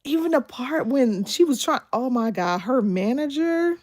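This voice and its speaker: Animated woman chatting on a livestream. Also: high-pitched, a little slow. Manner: animated, laughs often, talks back to the screen. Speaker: livestream host. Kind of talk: casual livestream chat. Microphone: phone.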